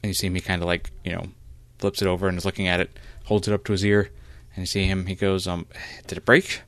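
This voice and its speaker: A man narrating a role-play as game master, halting with many fillers. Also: low voice, monotone, no echo.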